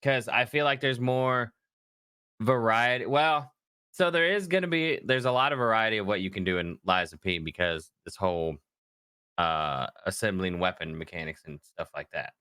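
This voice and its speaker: A man co-hosting a podcast, chatting casually about video games, animated and quick to laugh. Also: lowish voice, clear, resonant tone, no room sound, studio quality. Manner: animated, laughs often, trails off. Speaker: podcast co-host. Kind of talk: casual gaming chat.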